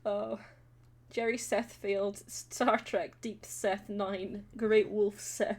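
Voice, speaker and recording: A woman's voice: mid-range voice, little pitch movement, slow pace, darkish tone. A Scottish woman co-hosting a casual live stream, hesitant and giggly, often trailing off. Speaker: stream co-host.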